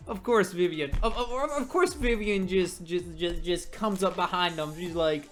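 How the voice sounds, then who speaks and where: Excitable webtoon reader with faint music. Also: medium pitch, measured pace, hardly any pauses. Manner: excitable, laughing, with stammered repeats. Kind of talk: casual commentary over a comic. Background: faint background music.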